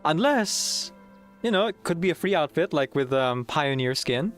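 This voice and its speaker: A man chatting casually while playing through a game story, excitable and rambling with frequent giggles. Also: a little high, moderate pace, faint music behind. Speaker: game streamer. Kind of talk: casual gameplay commentary.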